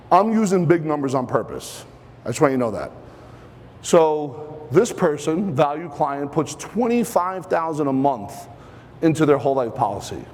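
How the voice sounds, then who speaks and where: A man giving a live seminar presentation to an audience, energetic and a bit out of breath, firing questions at the crowd. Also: a little high. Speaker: financial speaker presenting at an event. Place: event hall with live audience. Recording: long hall reverb.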